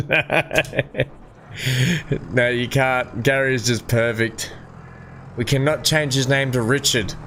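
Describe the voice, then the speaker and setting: A middle-aged man talks his way through a farming game in a loose, rambling commentary, chatting with viewers and chuckling at his own stories. His voice sits at an ordinary middle pitch, with a faint noise under the recording. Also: very slow, long pauses, pushed and bright. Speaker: gameplay streamer. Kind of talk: casual gameplay commentary.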